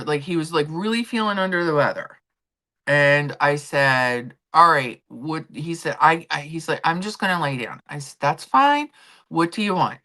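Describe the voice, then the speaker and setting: Lady streamer, low voice but real animated, just chatting and telling stories to her chat. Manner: chatty storytelling, reading chat aloud. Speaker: live stream host. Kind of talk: casual chat with chat readers.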